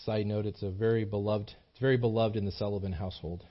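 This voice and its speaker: A man's voice: on the low side, fairly even intonation, fast talker. Guy preaching in a small church, earnest and emphatic, muffled lo-fi recording. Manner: earnest, repetitive, emphatic delivery with frequent restarts. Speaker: pastor. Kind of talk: sermon.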